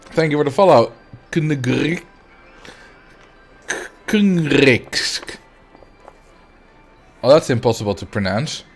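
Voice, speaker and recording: A young man talks his way through a building game on a livestream, with an easy, chatty manner. His voice sits at an ordinary middle pitch, and he laughs often and mutters half-sentences as he works. Faint game music plays behind him. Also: animated, fast talker, a little mellow. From Netherlands. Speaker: game streamer. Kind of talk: casual livestream commentary.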